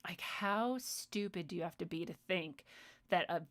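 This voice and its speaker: A woman's voice: lowish voice, normal speed, a bit bright. A woman streamer ranting in a sarcastic, profane, exasperated way as she hosts her own show. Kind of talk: ranting live-stream commentary.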